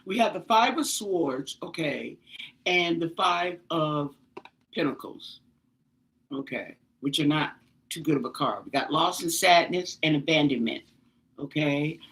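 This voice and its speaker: A woman doing a casual tarot reading for viewers, exclamatory and animated, pleading with the cards to tell her more. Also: deep voice, a little slow. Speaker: tarot reader.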